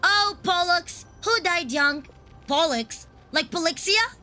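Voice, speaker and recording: Excitable swearing gamer girl streaming live, high bright voice, bit of music under. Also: takes it slowly. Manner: excitable, profane, blurts reactions. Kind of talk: live game stream commentary.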